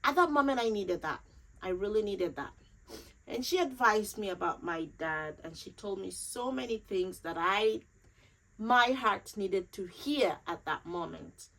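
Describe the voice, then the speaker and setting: A woman's voice: mid-range voice, animated, unhurried, fairly bright tone, low-quality recording. A grieving young woman vlogger telling a personal story to camera. She talks earnestly and emotionally, repeating phrases for emphasis.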